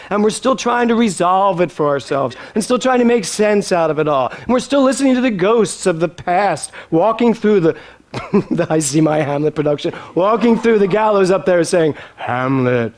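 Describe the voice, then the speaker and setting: Male speaker, spiritual talk, high voice with big swoops in pitch, teasing and theatrical. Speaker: minister.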